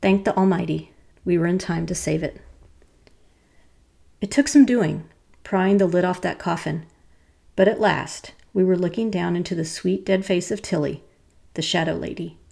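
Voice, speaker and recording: A woman podcast host who tells stories in a measured, dramatic way. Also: lowish voice, creaky, dark tone. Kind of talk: storytelling narration.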